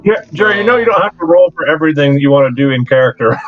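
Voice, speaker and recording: A man's voice: a little high, lively intonation, racing, a crowd in the background. A man running a tabletop game as game master, wry and exasperated. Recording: dull lo-fi recording with faint music.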